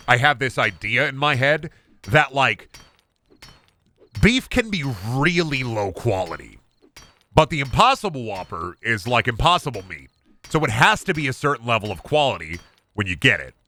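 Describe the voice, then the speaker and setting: A young male streamer talks loosely to his chat, rambling through jokey, profane rants. His pitch swoops around freely, and his tone is bright and forward. The talk is casual and unscripted. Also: sing-song, normal speed.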